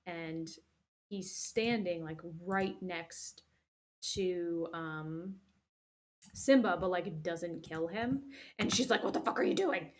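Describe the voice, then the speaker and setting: A young woman hosting, recapping a movie casually in a rambling, profane way full of fillers. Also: on the low side. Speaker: host.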